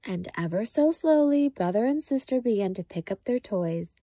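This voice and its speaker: A woman's voice: a little high, breathy edge, no room sound, clean studio sound. A woman reading a children's picture book aloud as narrator. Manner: slow, lively storytelling. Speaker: storytime reader.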